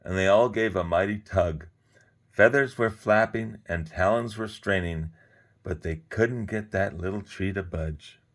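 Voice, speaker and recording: Deep-voiced man reading a story. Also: unhurried. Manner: expressive, animated reading. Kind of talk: reading a children's story aloud.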